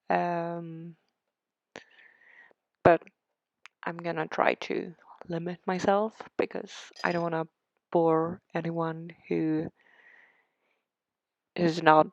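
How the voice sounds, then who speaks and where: Young Swedish woman, Swedish accent, sarcastic casual vlogger, low voice, muffled lo-fi mic. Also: vocal fry, no echo. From Sweden. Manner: sarcastic, rambling, self-deprecating. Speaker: game build video creator. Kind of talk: casual chat over a speed build. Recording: dull, lo-fi dry sound.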